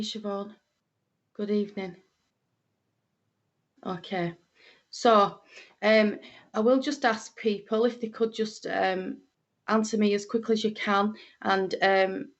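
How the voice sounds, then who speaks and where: A woman's voice: medium pitch, steady tone, measured pace, long pauses, highs cut off. A middle-aged woman with a Lancashire accent, a medium greeting viewers on a livestream in a homely, chatty way with plenty of fillers. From Lancashire, England.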